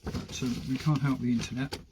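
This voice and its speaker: A chatty man runs his weekly gardening live stream from a greenhouse, talking half to himself as he works. His voice sits at an ordinary middle pitch, and a faint hiss of background noise runs under it. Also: steady tone, fairly quick. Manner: chatty, rambling, talks to himself while potting. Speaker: gardening channel host. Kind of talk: casual live-stream chat while working.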